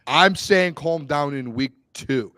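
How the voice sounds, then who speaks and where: A man's voice: on the high side, slow, sharp tone, dry recording, rough recording. A man, co-hosting a sports show, pushing back in a defensive, stammering way. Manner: defensive, protesting, stammering restarts. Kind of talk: heated sports debate.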